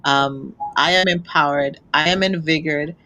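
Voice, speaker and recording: Lower-voiced emotional talk-show hostess. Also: female voice, steady tone, normal speed, rough recording. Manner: warm, emotional, effusive. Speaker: host. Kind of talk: interview chat.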